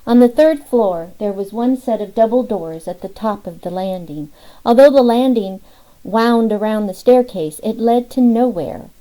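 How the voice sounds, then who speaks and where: A woman narrating an audiobook in a measured, expressive way. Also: on the high side, rough recording. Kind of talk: scripted narration.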